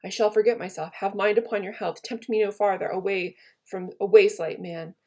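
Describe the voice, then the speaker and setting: A woman's voice: mid-range voice, steady tone, fairly quick, mellow, lightly acted. A woman reading aloud the part of a proud, touchy Roman conspirator in a plain, unaccented voice. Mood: indignant. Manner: plain read-aloud of verse, no accent put on.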